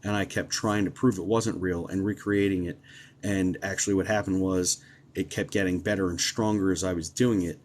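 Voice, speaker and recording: A man's voice: deep voice, fairly even intonation, moderate pace, a little hiss or hum. A man hosting a live stream as a psychic medium, chatting casually and telling stories with plenty of ums and uhs.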